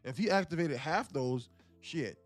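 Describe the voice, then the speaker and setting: A man's voice: on the high side, expressive, measured pace, soft background music. A man coaching viewers on a live stream about trading. He talks bluntly, swears casually and keeps calling out to his audience.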